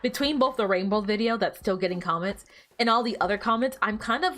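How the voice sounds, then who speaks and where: A woman's voice: medium pitch, quick pace, fairly bright tone, faint music behind. A young woman streaming a game and chatting casually, teasing the characters on screen and laughing often. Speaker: gaming streamer. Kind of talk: casual gameplay livestream chat.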